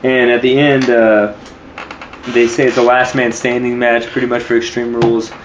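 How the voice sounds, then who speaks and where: Male podcast co-host, mid pitch, relaxed recapper, roomy and slightly dull sound. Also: moderate pace, background noise. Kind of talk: casual wrestling review chat.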